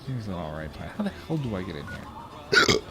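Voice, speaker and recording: A young man co-hosting a let's play, laid-back but quick to argue a point. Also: low voice, wildly swooping pitch, sharp tone, faint music behind. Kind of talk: casual gameplay banter.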